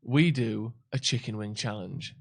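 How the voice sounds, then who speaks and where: A man's voice: lowish voice, unhurried, gravelly, breathy edge. A man co-hosting a live football watchalong in casual chat, rambling and joking as he hunts for words. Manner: rambling, jokey, searches for words. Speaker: watchalong co-host.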